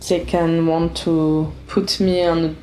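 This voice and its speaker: A woman with a lowish voice plays a tabletop game, speaking slowly and thinking aloud with hesitant, non-native phrasing. Her voice rings in an echoey room with faint music behind. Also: flat delivery, warm tone. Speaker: player.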